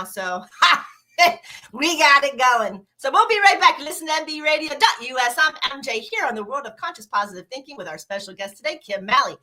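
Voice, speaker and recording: Bright, chatty woman radio host. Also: on the high side. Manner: chatty, with fillers and laughs. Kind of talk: casual radio talk show hosting.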